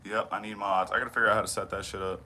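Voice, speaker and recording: A man's voice: lowish voice, little pitch movement, very fast. Laid-back, foul-mouthed man streaming from his shop. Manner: profane, laid-back, mumbles while working. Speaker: knifemaker livestreaming from his shop. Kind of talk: casual livestream chat with viewers. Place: home workshop. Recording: noisy workshop livestream audio.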